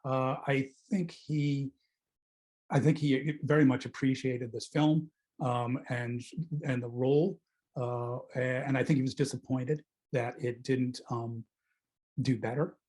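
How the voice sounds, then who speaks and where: A man's voice: mid-range voice, fairly even intonation, unhurried, darkish tone, poor audio. A middle-aged man, a film critic, talking casually and discursively about a film and often correcting himself. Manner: discursive, hesitant, self-correcting. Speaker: film critic leading a film club talk.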